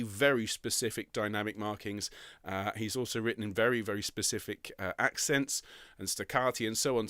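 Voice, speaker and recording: A man's voice: mid-range voice, fairly bright tone, smooth, no echo, clean studio sound. A middle-aged man leading an online choir rehearsal, chatty and enthusiastic, often repeating his words as he coaches the singers. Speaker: choir conductor.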